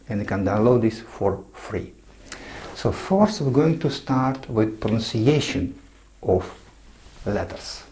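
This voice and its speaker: Slow, deliberate male language teacher. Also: fairly low pitch, mellow. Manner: slow, deliberate, addresses the viewer directly; spells out letters and names with careful stress. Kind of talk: online language lesson.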